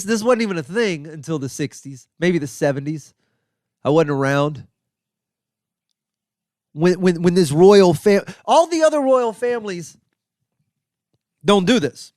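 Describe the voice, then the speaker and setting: A man hosting a comedy podcast, riffing sarcastically in a rambling, profane monologue full of restarts and sudden high exclaims. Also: lively intonation, unhurried, long pauses, darkish tone, no room sound, studio quality. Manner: jumps into high exclaims for emphasis. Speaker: podcast host.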